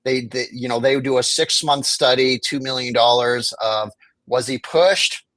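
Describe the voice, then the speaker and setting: As a guest in a conversational interview, a man advocating for the homeless argues his case with passion and acts out what officials would say. His medium-pitched, slightly bright voice keeps a measured pace, and the low-quality recording has no room sound.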